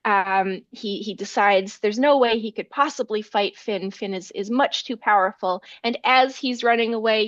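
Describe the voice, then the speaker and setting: A woman's voice: medium pitch, a bit bright, no room sound, lo-fi sound. A woman scholar, a guest in an interview, retelling a folk tale with animation and acting out the characters' lines. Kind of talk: storytelling in an interview.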